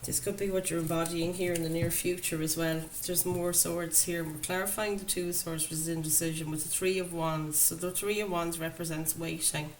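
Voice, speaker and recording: Talking to her viewers, a woman gives a chatty, enthusiastic tarot reading, laughing often. Her voice is fairly low and steady, and she speaks fairly quickly with hardly any pauses. The rough recording carries faint background noise.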